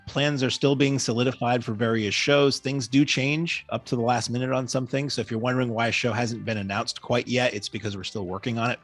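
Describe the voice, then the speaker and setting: Sick raspy guy cohosting a podcast, husky voice, bit of stammering. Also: mid-range voice. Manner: explanatory, stammers at times. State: sick, hoarse. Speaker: podcast co-host. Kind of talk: casual podcast chat.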